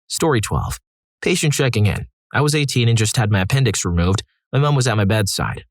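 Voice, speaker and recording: A man's voice: fairly low pitch, animated, brisk, no room sound. A man narrating read-aloud stories in a scripted style, adding wry, dry asides between them. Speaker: story narrator.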